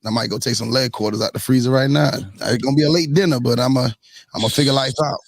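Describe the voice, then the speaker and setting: A man hosting a podcast, chatting casually and teasing his co-hosts in a relaxed, joking way. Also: medium pitch, quick pace. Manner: joking, teasing, laid-back. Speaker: podcast host. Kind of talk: casual chat.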